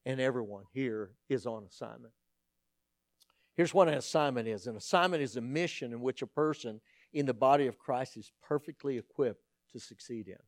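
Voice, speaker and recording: A middle-aged man, preaching a sermon as a pastor and telling stories in an animated, humorous way. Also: medium pitch, normal speed, no room sound, studio quality.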